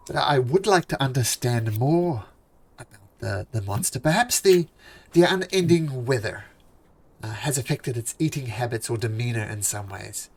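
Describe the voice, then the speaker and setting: A man's voice: mid-range voice, gravelly, slightly rough, exaggerated voice. A man playing a stammering, nervous half-elf naturalist. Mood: polite, curious. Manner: stammering, halting, polite.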